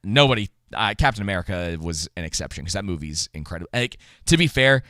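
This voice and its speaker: A man's voice: low voice, lively intonation, fast talker, pushed and bright, dry recording, clean studio sound. A man co-hosting a casual movie podcast, rambling with frequent laughs and restarts. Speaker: podcast co-host.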